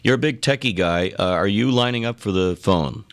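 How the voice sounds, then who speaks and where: A man's voice: fairly low pitch, brisk, no room sound. A man hosting a radio interview, easygoing and chuckling as he asks questions. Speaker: radio show host. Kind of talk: casual interview chat.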